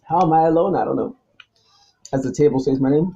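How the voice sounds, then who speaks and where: A man talking alone to the camera, swinging between low mutters and loud, angry, profane outbursts and repeating himself. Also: fairly quick, vocal fry, pauses often, lo-fi sound. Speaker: vlogger. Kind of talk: rambling solo monologue to camera.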